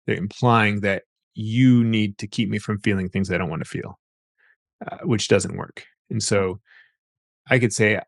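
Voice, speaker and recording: A man's voice: lowish voice, steady tone, normal speed, creaky, no echo, clean studio sound. A man speaking as a therapist guest in an interview, thoughtful and explanatory, often repeating words as he thinks. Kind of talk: interview conversation.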